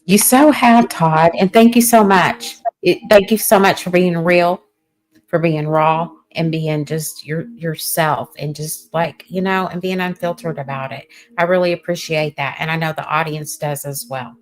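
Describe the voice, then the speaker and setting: A woman hosting a podcast, affirming her guest with gentle agreement. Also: low-pitched, steady tone, measured pace. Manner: warm affirming, frequent agreement. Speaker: podcast host.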